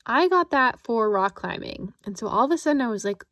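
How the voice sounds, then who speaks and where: A woman's voice: a little high, a little fast, few pauses, no echo, clean studio sound. Chatty woman coach telling a story. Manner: chatty, animated, lots of fillers and self-quoting. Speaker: perfectionism coach and podcast host. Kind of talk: solo podcast storytelling.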